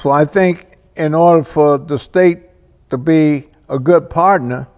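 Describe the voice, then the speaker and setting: Male local-TV host, slow and deliberate monologue, reverberant studio sound. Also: fairly high pitch, darkish tone. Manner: slow and deliberate, with pauses and restarts. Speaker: local cable show host.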